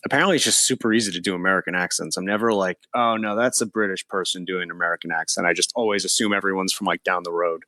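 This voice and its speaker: A man's voice: low-pitched, fast talker, pushed and bright, no echo. A man co-hosting a movie podcast, joking and self-deprecating in casual chat. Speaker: podcast co-host.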